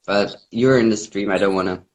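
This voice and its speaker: A man's voice: on the low side, steady tone, brisk, a little hiss or hum, rough recording. A young man joining a livestream as a guest, playful and teasing, talking while he eats. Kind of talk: casual teasing chat.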